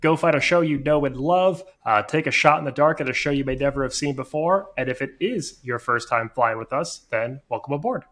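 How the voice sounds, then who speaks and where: Guy cohosting a podcast, upbeat and a bit wry, mid pitched. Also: a little fast, few pauses, fairly bright tone. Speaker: podcast co-host. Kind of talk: casual chat.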